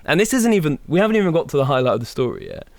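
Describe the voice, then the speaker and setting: A young man co-hosting a podcast, telling a long story in an animated way, swearing a lot and acting out his own panic. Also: on the high side, racing, no room sound. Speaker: podcast co-host. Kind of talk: casual storytelling.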